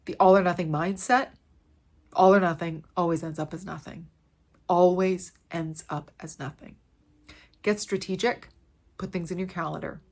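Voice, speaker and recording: A woman's voice: fairly low pitch, steady tone, normal speed. Earnest woman giving a motivational talk. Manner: earnest, repeats key phrases for emphasis. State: emotional, close to tears. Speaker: fitness coach. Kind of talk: heartfelt motivational talk to camera.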